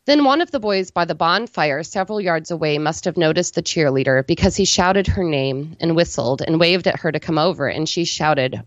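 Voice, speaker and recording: A woman reading a literary story aloud in a steady, matter-of-fact, unflinching manner. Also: on the low side, normal speed, no echo. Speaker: story reader. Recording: dull, dry lo-fi recording.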